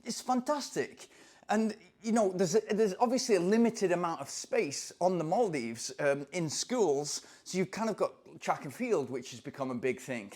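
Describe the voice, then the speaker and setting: A man from England, a running coach telling a story in an animated, excitable way. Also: high voice, normal speed. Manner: animated, excitable, acts out voices in anecdotes. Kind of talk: casual storytelling to camera.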